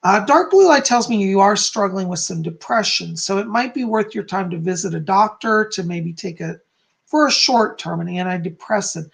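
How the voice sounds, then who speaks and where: A man's voice: high voice, lively intonation, moderate pace, gravelly. A man hosting a live-stream psychic reading, answering viewers in a chatty, reassuring way and often ending points with "okay?". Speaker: psychic host.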